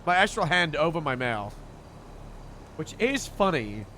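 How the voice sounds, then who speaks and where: A chatty male streamer rambles and laughs through a casual live stream. His pitch is a little high and moves around a lot. Faint noise sits behind him. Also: very animated, a little slow, sharp tone.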